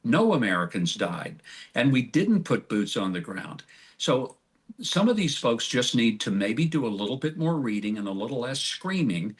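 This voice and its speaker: An older man answering as an ambassador in a TV interview, emphatic and folksy. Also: mid-range voice. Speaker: guest, ambassador.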